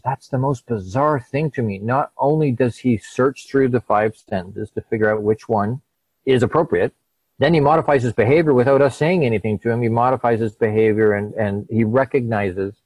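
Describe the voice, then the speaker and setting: At medium pitch and normal speed, a middle-aged man shares a personal story as a guest in a conversation. He acts out the quoted lines of the people in it with plenty of animation, and the recording is dry and rough.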